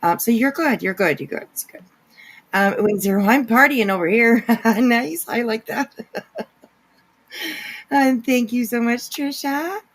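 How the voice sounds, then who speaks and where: Breathy woman greeting her livestream chat. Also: fairly high pitch, unhurried, long pauses, poor audio. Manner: greets chatters by name, giggly asides. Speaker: livestream host. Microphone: no camera, voice only.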